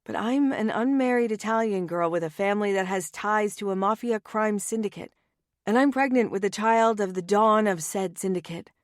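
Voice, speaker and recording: Woman, first-person romance audiobook narration, wry and anxious, close dry studio sound, mid pitch. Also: normal speed, no room sound.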